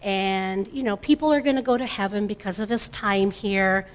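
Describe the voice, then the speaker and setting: A middle-aged mother giving an emotional personal testimony, halting and restarting often. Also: mid-range voice. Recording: long hall reverb.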